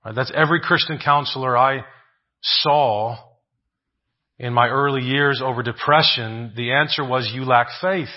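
A man's voice: mid-range voice, unhurried, dull audio. A man preaching a sermon, asking rhetorical questions, often adding "right?" and repeating phrases for emphasis.

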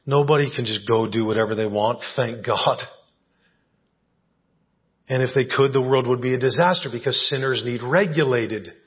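Speaking at a moderate pace in a husky mid-range voice, a pastor delivers a conversational sermon in a church sanctuary and frequently checks in with his congregation. The church recording is dull and lo-fi.

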